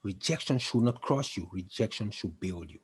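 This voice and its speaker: A man's voice: fairly low pitch, animated, normal speed, slightly rough. A man giving an emphatic, repetitive motivational talk, building to intense passages. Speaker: motivational speaker.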